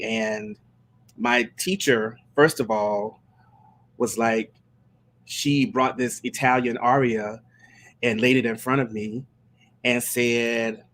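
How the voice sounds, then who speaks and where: A man's voice: medium pitch, flat delivery, takes it slowly, fairly bright tone, slight background noise. A man who sings gospel and leads worship, chatting casually on a live stream and telling stories in a meandering way with many restarts. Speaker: gospel singer and worship leader.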